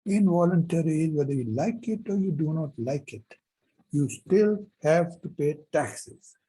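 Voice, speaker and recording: Man, university professor, very husky and dark-toned, lively up-and-down delivery, emphatic storyteller. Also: fairly high pitch, unhurried, low-quality recording. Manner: animated, emphatic storytelling with repetitions. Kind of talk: university lecture with personal anecdote.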